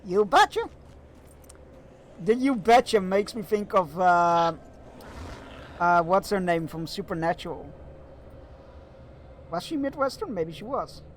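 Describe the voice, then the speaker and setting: A man streams a video game and chats casually to his viewers. He rambles and uses lots of fillers, in a fairly high voice. A faint noise sits behind him. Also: measured pace, pauses often. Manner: rambling and chatty, with many fillers. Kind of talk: casual chat while gaming.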